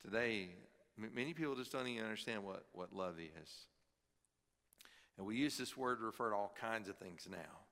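A middle-aged man preaching a sermon as pastor, earnest, swinging from emphatic high peaks to quiet low drops. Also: lively intonation, moderate pace. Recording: long hall reverb.

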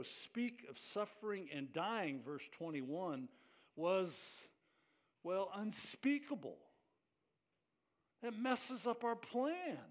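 A male pastor preaching a sermon, acting out the lines he quotes, often restarting words. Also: high voice.

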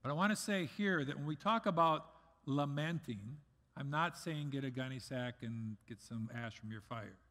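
A middle-aged man preaching a sermon as pastor, earnest, swinging between loud emphasis and soft asides. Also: medium pitch, moderate pace. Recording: long reverb of a large hall.

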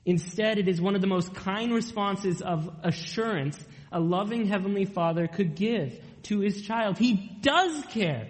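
A young man preaching a sermon, earnest and emphatic, drawing out key lines slowly. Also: sits high, big-room sound, low-quality recording. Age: young adult.

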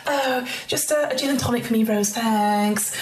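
A man's voice: extremely high pitch, normal speed, pitched above the performer's own voice. A man voicing a gushing, self-absorbed young woman with a breathless, air-kissing manner. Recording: roomy with faint noise.

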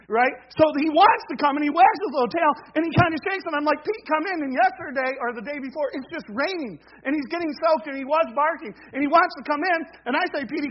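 A man's voice: very high-pitched, highs cut off. A male pastor preaching a conversational sermon, peppering it with "right?" and hammering home repeated refrains.

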